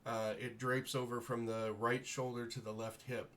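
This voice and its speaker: A man narrating as game master in a tabletop game, in halting, unscripted narration that corrects itself as he goes. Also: medium pitch, little pitch movement, fairly bright tone, slight background noise.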